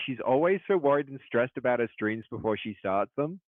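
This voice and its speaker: An excitable man chats casually to his stream, rambling and then bursting into loud shout-outs. His voice comes through tinny and narrow, like a phone line, with a dry sound and no room echo. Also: mid-range voice, moderate pace, hardly any pauses. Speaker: game studio head and streamer. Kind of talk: casual live-stream chat.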